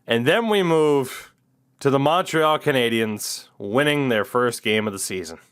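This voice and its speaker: A man's voice: mid-range voice, expressive, unhurried, fairly bright tone, clear, resonant tone. A man hosting a casual podcast, talking in a wry, opinionated, rambling way with lots of fillers. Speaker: podcast host. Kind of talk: casual hockey podcast chat.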